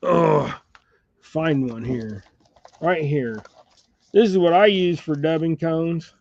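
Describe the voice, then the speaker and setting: Gravelly laid-back man at a tying bench. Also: on the high side, takes it slowly, pauses often, a little mellow, dry recording. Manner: rambling, laid-back, laughs often. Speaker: fly and jig tier, channel host. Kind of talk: casual tying demonstration chat. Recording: dull lo-fi dry sound.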